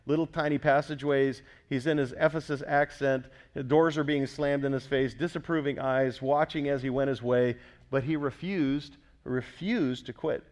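A man's voice: medium pitch, a little mellow. A man preaching a sermon with emphasis, often putting questions to the congregation. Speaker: pastor.

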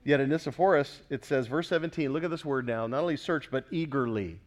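A man's voice: medium pitch, brisk. A man preaching a sermon with emphasis, often putting questions to the congregation. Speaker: pastor.

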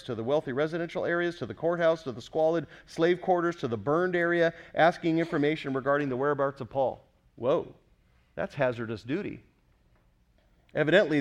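A male pastor delivering a sermon in a somewhat high voice. He preaches with emphasis and keeps asking his listeners questions. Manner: emphatic, questions the congregation often.

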